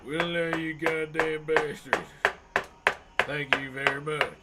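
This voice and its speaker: Brief: gruff cowboy outlaw, slow Western drawl, fairly high, unhurried as a man puts him on. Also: little pitch movement, very noisy. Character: gruff rough-talking male cowboy outlaw, middle-aged.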